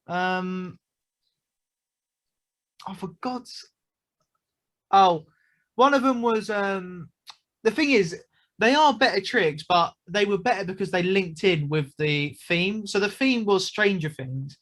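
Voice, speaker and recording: A chatty young British man, a magician guest in a casual interview. He has a slightly higher voice than most men and tells his stories in a loose, rambling way, full of fillers and asides. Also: takes it slowly, pauses often, fairly bright tone.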